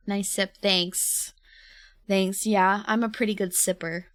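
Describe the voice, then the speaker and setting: A woman's voice: medium pitch, little pitch movement, takes it slowly, fairly bright tone, no echo, studio quality. A woman streamer chatting casually with viewers, rambling and laughing often. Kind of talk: casual livestream chat.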